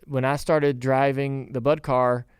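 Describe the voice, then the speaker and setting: A man's voice: medium pitch, flat delivery, unhurried, clean tone, no echo. A middle-aged man hosting a casual interview, asking rambling questions that break off and restart. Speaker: podcast host.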